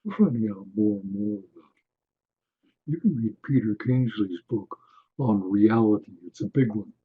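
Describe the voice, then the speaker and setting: A man giving a webinar lecture, unhurried, often checking in with his listeners. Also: on the low side, animated, breathy edge, phone-quality sound. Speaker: webinar presenter on attitudinal healing.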